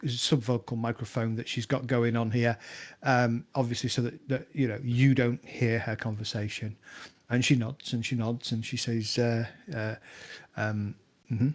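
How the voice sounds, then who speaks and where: Man narrating as game master. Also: medium pitch. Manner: relaxed, rambling, many fillers.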